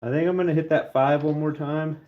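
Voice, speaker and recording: A man's voice: a little high, fairly even intonation, brisk, highs cut off. A middle-aged man chatting casually to camera while stamping a silver bar, joking and talking to his dog as he works.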